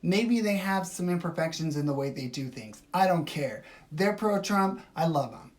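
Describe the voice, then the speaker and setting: Animated and darkish in tone, this woman's lowish voice moves at a moderate pace. She hosts a relaxed phone livestream, replying to viewers' comments with emphasis and lurching from effusive praise to brushing things off.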